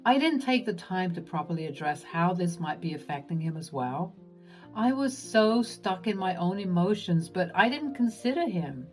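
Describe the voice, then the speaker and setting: Expressive woman narrating a story. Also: fairly low pitch, normal speed, soft background music. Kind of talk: first-person story narration.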